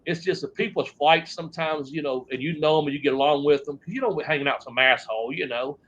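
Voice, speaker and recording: A man's voice: fairly high pitch, fast talker, a bit bright, slight background noise. Rambling man, muffled recording. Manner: rambling, profane, trailing off into restarts. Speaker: interview guest, former wrestler. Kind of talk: shoot interview storytelling.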